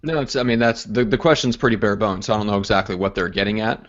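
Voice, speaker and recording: Relaxed man hosting, slightly hesitant. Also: lowish voice, quick pace, highs cut off. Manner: relaxed, hesitant, many fillers. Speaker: podcast host. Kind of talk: casual interview hosting.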